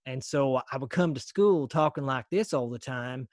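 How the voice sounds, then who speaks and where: A man talking as a guest voice actor on a podcast, easygoing and quick to laugh, often restarting his sentences. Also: medium pitch, darkish tone, no echo, clean studio sound. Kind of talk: casual podcast chat.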